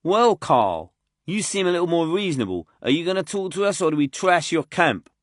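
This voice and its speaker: A man's voice: fairly high pitch, big pitch swings, a little fast, dry recording, voice pushed up. A man voicing a brutal, taunting teenage fighter.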